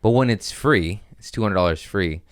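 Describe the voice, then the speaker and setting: Profane, rambling comedian man, smooth low voice. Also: moderate pace, no echo, studio quality. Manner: rambling, profane, animated impressions. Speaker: podcast host. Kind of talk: casual comedic storytelling.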